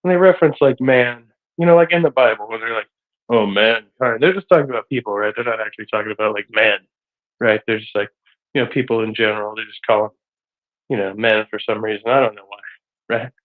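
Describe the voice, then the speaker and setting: A man's voice: lowish voice, fast talker. A man streaming live, rambling casually with lots of hesitant fillers and a slightly breathless voice. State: a bit out of breath. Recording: tinny phone-like audio.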